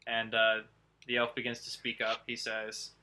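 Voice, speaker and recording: Bright-voiced man running a tabletop game. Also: medium pitch, completely flat delivery, normal speed. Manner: hesitant, many fillers. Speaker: game master. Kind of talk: narrating a tabletop game online.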